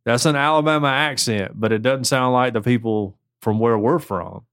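A man's voice: medium pitch, moderate pace, a bit bright, smooth, dry recording, studio quality. A man with a Southern US accent co-hosting a podcast, giving joking, folksy advice in casual chat. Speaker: podcast co-host.

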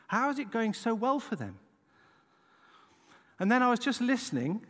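A man's voice: extremely high pitch, big pitch swings, normal speed, a bit bright. Chatty preacher man in a big hall. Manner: conversational, chatty, lots of "right?" asides. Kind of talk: casual sermon with storytelling.

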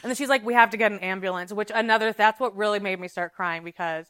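A woman podcast host telling a story in a casual, animated, dramatic way, full of "like"s. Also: medium pitch, fast talker, clean tone, no echo, studio quality. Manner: animated, dramatic retelling with many "like"s.

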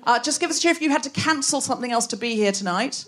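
Bright-voiced woman hosting live. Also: fairly high pitch, expressive, racing, heavy background noise. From Australia. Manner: playful, teasing banter with the audience. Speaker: host. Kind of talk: live comedy podcast hosting. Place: theatre stage before a live audience.

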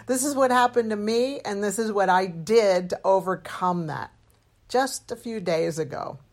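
This is a middle-aged woman hosting a podcast and sharing a personal story, with the openness and earnest warmth of a doctor talking to her listeners. Her voice sits at an ordinary middle pitch and moves through lively, expressive swings. She sounds candid and heartfelt throughout. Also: measured pace. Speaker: podcast host and medical doctor.

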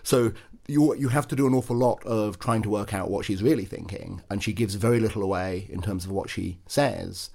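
A man commenting on politics in a measured, analytical way during a panel discussion. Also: fairly low pitch, creaky, darkish tone, husky.

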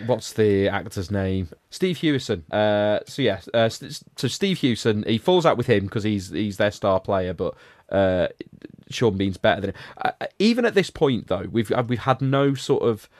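A man's voice: fairly low pitch, very animated, moderate pace, darkish tone, no room sound, studio quality. A man hosting a podcast, giving a sardonic, rambling recap of a film in casual chat. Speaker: podcast host reviewing a film.

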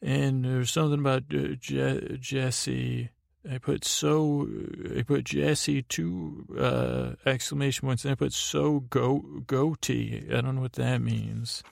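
A man's voice: mid-range voice, slow, vocal fry, no echo, studio quality. A man hosting a bedtime podcast, rambling through a meandering recap full of fillers and digressions. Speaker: podcast host.

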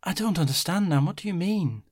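A man doing a gentle, worried young granddaughter. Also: high-pitched, animated, fairly quick, dry recording, studio quality, pitched above the performer's own voice. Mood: gentle concern. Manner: soft, soothing, reassuring.

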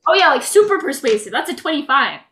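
A woman's voice: high voice, big pitch swings, quick pace, pushed and bright, a little hiss or hum. A woman playing a tabletop game, chatty and asking the game master questions. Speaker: player. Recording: roomy echo.

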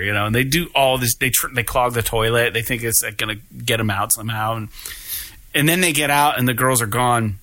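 Bright-voiced man, loose profane podcast host. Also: mid-range voice, fairly quick, no echo. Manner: loose, profane, laughing storyteller. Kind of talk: casual podcast chat.

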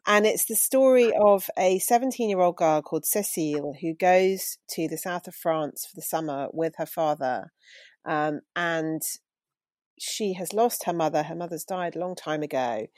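A woman talking about books in a relaxed chat, thoughtful and self-deprecating, laughing easily. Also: low voice, dry recording. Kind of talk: casual book chat.

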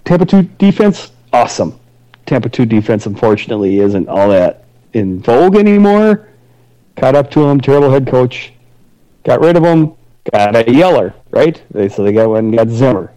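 A man co-hosting a casual sports podcast, animated and sarcastic, rambling through his points. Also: mid-range voice, normal speed, low-quality recording. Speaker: podcast co-host.

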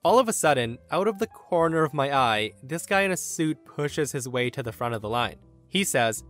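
A man hosting a podcast, reading a story aloud in an animated, sardonic way. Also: medium pitch, moderate pace, faint music behind. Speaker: podcast host reading stories. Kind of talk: story narration with quoted voices.

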